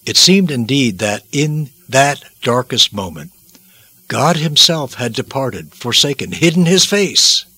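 A man's voice: medium pitch, lively intonation, measured pace, sharp tone, slightly rough, no echo. A man preaching a devotional sermon, dramatic and emphatic, repeating phrases for weight.

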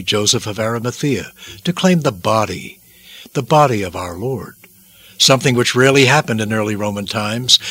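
Bright husky-voiced man preaching dramatically. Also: mid-range voice, no room sound. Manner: dramatic, emphatic, with repeated phrases. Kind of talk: devotional sermon narration.

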